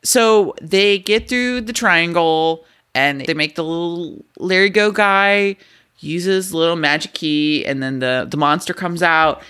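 A man co-hosts a casual movie podcast, wry and sweary, often breaking into laughter mid-sentence. His voice is slightly high and bright. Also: unhurried, clean tone. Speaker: podcast co-host. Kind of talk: casual movie review chat.

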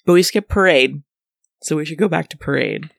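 A co-host in a casual music podcast, relaxed, reading from notes and swearing casually. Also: mid-range voice, normal speed, vocal fry, no room sound, clean studio sound.

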